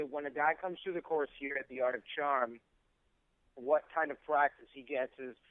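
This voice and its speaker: A man's voice: medium pitch, clear, resonant tone, dry recording. A man guesting in a radio interview who explains his coaching in fluent, polished sentences. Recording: tinny phone line.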